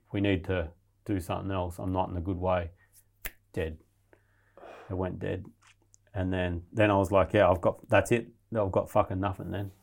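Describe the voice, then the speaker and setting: Profane, rambling man, low voice. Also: creaky. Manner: profane, rambling, animated retelling. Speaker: guest telling a survival story. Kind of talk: casual storytelling.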